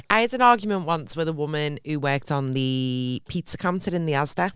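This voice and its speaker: A woman's voice: low-pitched, moderate pace, clean tone, no room sound, clean studio sound. A woman with a Runcorn accent co-hosting a podcast, telling stories in a sweary, ranting way. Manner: ranting, sweary, lively storytelling. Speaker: podcast co-host. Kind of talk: casual chat.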